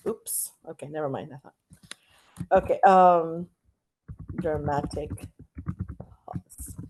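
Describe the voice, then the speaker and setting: A middle-aged woman from Canada teaching an online English class, chatty and stretching out words and pauses to model intonation. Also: deep voice, fairly even intonation, darkish tone, a little hiss or hum, low-quality recording.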